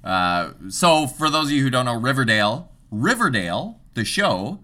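A man's voice: mid-range voice, very animated, moderate pace, sharp tone. A man co-hosting a podcast, chatting casually with a joking, sarcastic manner. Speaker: podcast co-host. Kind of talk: casual chat.

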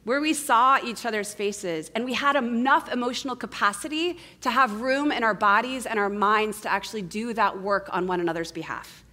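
A woman giving a sermon as guest preacher, earnest and conversational, asking her listeners many questions and tagging points with a quick "right?". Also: a little high. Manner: intimate, asks the congregation many questions; earnest, swings between soft and emphatic.

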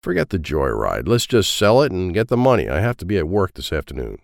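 A jittery small-time crook frets and pleads, his voice lowish and restless in pitch, as a man plays him in a storybook. The recording is close and dry. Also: wildly swooping pitch, brisk, vocal fry, no echo, exaggerated voice. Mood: anxious. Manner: anxious, pleading. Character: nervous worried male petty crook.

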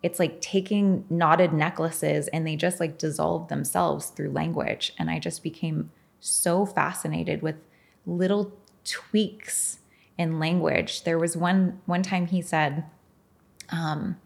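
A woman's voice: low-pitched, fairly even intonation, slow, creaky. A middle-aged woman being interviewed as a podcast guest, telling her story frankly and with animation, swearing and laughing often.

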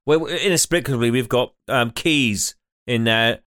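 A man's voice: medium pitch, a little slow, a bit bright. A man from the north chatting as a podcast co-host, swearing casually and laughing as he acts out quoted voices. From northern England. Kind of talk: casual chat.

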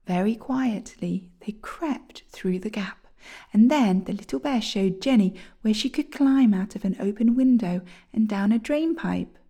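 A woman reading a children's storybook aloud, gentle and often near a whisper. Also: medium pitch, measured pace.

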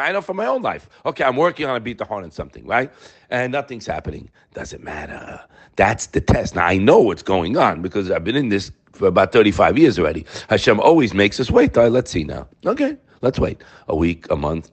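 Guy teaching a torah class, pitch all over the place, keeps asking the room questions. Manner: animated, rhetorical questions, mixes in Hebrew terms.

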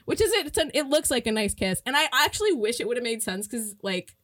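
A woman with a fairly high voice tells a movie's story in a loose, chatty way. She acts out each character's lines as she goes and laughs often. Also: big pitch swings, brisk, a bit bright. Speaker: podcast co-host. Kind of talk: casual movie recap chat.

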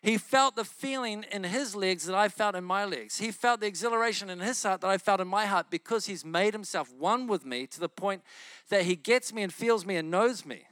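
A man's voice: high-pitched, fairly quick, a bit bright, no echo. A man preaching a sermon with fervent, emphatic repetition that builds in intensity.

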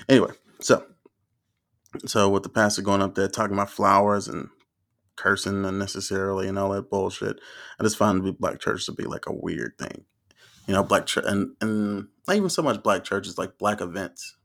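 A man's voice: fairly low pitch, fairly bright tone. A man around thirty from the American South, telling funny stories in a rambling, profane, casual way. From Southern United States. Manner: rambling and profane, laughs often. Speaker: storyteller. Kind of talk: casual comedic storytelling.

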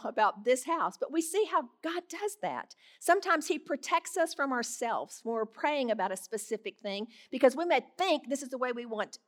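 Middle-aged woman, earnest Bible teacher, slightly higher voice, warm conversational delivery.

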